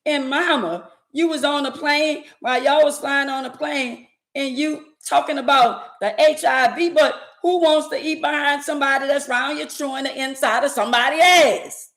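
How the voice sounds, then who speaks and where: A woman's voice: high-pitched, normal speed, fairly bright tone, reverberant. A woman vlogger delivering an indignant, emphatic rant to her viewers, repeating her phrases for effect. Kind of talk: ranting commentary to camera.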